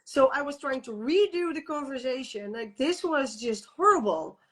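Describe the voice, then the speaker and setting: Female interview guest, somewhat high-pitched, frank and animated storyteller, laughs easily, many restarts. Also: moderate pace. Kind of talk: candid personal storytelling in conversation.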